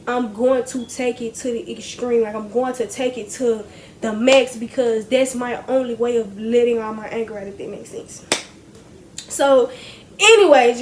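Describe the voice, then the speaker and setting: A young woman telling a story from her school days to her viewers in a casual, animated way, often calling them y'all. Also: on the high side, a little hiss or hum. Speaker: storytime vlogger.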